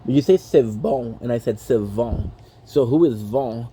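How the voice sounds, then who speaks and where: A man's voice: medium pitch, a little slow, warm tone, breathy edge. A man chatting casually on a gaming livestream, playful and rambling, tossing in French phrases. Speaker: gaming streamer.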